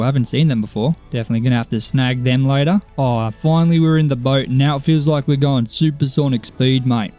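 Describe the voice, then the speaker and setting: Mellow man narrating gameplay. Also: mid-range voice. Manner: chatty, talks to game characters, mild self-mockery. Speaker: gaming YouTuber. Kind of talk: let's play commentary.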